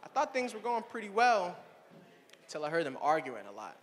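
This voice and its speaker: Young man, stand-up comic, high voice, lively swinging delivery, long hall reverb. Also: brisk. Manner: animated, playful, addresses the audience directly. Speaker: stand-up comedian. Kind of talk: stand-up comedy set.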